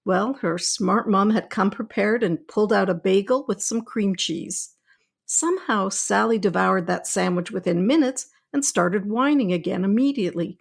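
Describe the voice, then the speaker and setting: Calm middle-aged woman podcast host, gravelly. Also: mid-range voice, normal speed. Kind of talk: scripted podcast talk.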